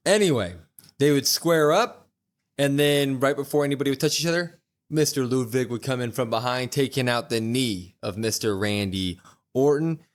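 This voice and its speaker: A man on a podcast, talking casually and at length about last night's wrestling. His voice sits at an ordinary pitch, and he fills his pauses with "uh" and "um" as he works through each segment. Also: clear, resonant tone. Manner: retells events in long runs, with frequent fillers. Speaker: podcast co-host. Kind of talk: casual wrestling recap chat.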